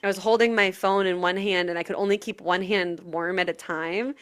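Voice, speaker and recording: A woman's voice: on the low side, steady tone, fairly quick, a bit bright, clear, resonant tone. A young woman co-hosting a casual podcast chat, joking about herself in a playful way and laughing often. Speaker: podcast co-host.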